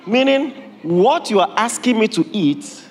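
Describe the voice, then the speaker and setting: A man, preaching a sermon as pastor in a humorous, animated way, laughing often. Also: sits high, a little slow, a little hiss or hum. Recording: long reverb of a hall, faint ambience.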